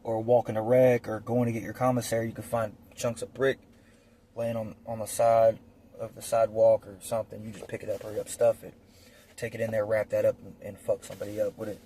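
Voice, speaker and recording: A man's voice: lowish voice, level tone, fairly quick, warm tone, a little hiss or hum. A man telling prison stories in a blunt, profane, rambling way with lots of fillers, as a casual monologue recorded on a phone. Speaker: storyteller recounting prison life.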